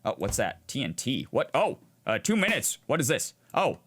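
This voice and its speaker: Young guy doing let's play commentary, animated, thinks out loud a lot. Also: mid-range voice, normal speed, a little hiss or hum. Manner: animated, thinking aloud, reflective. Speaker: gaming video host.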